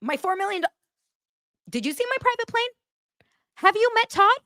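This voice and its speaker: A woman voicing a snobby rich woman who brags about her wealth in a shrill, haughty tone. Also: animated, normal speed, sharp tone, no room sound, clean studio sound, exaggerated voice. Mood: bragging.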